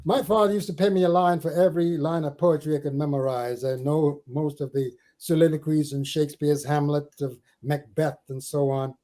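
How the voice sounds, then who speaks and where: An older man from the Caribbean islands, a spiritual teacher telling stories in an interview, given to slow, theatrical recitation with big swells and drops. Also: a little high, fairly even intonation, warm tone, poor audio. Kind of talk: storytelling and dramatic poetry recital.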